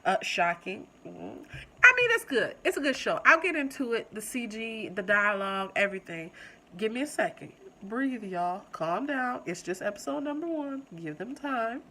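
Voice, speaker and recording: Bright, chatty woman reviewing a show. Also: medium pitch, moderate pace, poor audio. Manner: animated, chatty, talks straight to viewers. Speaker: channel host reviewing TV episodes. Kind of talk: casual video review.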